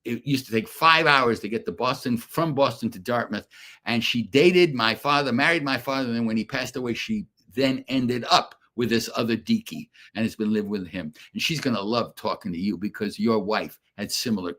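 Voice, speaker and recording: A man's voice: medium pitch, moderate pace, bright, forceful tone. A man in his eighties, an actor guest on a radio show, telling a story and acting out both sides of the dialogue. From Brooklyn and Connecticut. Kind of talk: anecdotal storytelling.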